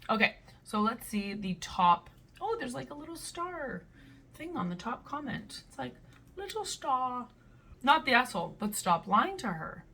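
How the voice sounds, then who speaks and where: Bright-voiced blunt young woman. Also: mid-range voice, creaky, husky. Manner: blunt and animated, with playful voices. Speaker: reaction video host. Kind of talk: casual chat reading online posts.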